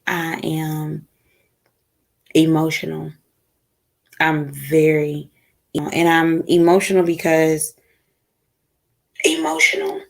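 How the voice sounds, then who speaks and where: A woman's voice: deep voice, level tone, slow pace, vocal fry, long pauses. Weary woman venting on a livestream. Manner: frustrated, weary, rambling. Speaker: livestream host. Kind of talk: casual livestream chat.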